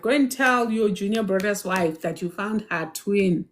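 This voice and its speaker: A woman hosting a live question and answer stream on spirituality. She talks in a lively way, laughs often, calls viewers by name and answers their questions emphatically. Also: medium pitch, measured pace. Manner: reads questions aloud and answers them emphatically.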